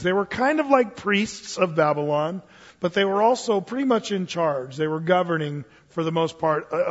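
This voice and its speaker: A man preaching a sermon in a church, telling stories with animated delivery and acting out the voices of others. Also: on the high side, long reverb tail, highs cut off. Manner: animated storytelling, acts out quoted voices. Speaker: pastor.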